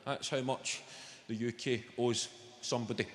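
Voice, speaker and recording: A man's voice: mid-range voice, fairly even intonation, normal speed, very noisy. A Scottish man in his thirties with a Glaswegian accent, doing a sweary, conversational stand-up set with crowd work. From Scotland. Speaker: stand-up comedian. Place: large theatre stage with audience. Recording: echoey live hall with loud audience.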